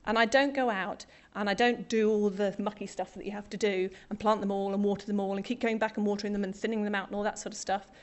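A woman's voice: mid-range voice, steady tone, quick pace, hardly any pauses, darkish tone. Woman, middle-aged, from Britain, preacher, sermon, conversational, self-deprecating humour.

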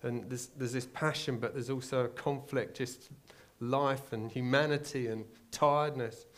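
An English man preaches in a plain, conversational way, his voice sitting at an ordinary middle pitch for a man. He retells the story as he goes, restarting phrases often and pressing the listeners with rhetorical questions. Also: fairly even intonation, unhurried, a bit bright. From England. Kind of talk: sermon.

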